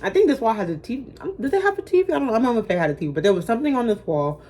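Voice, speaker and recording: A woman's voice: fairly high pitch, sing-song, rapid-fire, a little mellow, a little hiss or hum. A young woman telling a personal story to camera in a casual, blunt, slangy way, cursing freely and poking fun at herself. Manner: blunt, profane, slangy, self-mocking. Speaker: storytime vlogger.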